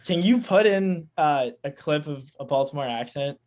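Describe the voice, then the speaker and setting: A man co-hosting a podcast in relaxed casual chat, laughing easily. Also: on the high side, moderate pace. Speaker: podcast co-host.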